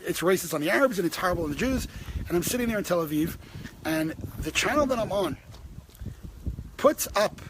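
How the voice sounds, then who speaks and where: A man speaks with a high, lively voice, stumbling through restarts and then surging upward as he presses his point. The talk is impassioned and personal. Steady noise sits under the recording. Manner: impassioned, many restarts, rising when stressed. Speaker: host.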